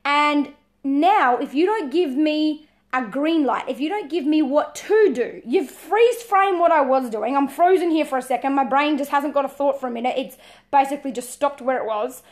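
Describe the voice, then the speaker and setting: Aussie lady parenting coach, high voice, talks fast and loose, lots of restarts. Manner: lively, repeats words and restarts, laughs often. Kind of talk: casual talk to camera.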